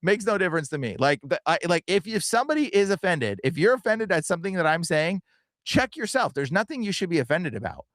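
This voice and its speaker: High-pitched with big pitch swings and a fairly bright tone, this young man hosts a livestream podcast with no echo. He rattles along earnestly and casually, filler-heavy, saying "bro" and "like" again and again.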